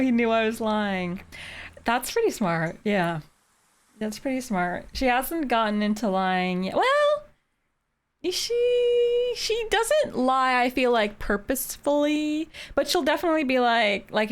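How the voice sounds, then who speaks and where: A woman streamer from Canada chatting casually with her live viewers. She talks in a chatty, giggly way and says "like" often. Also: on the high side. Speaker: game streamer.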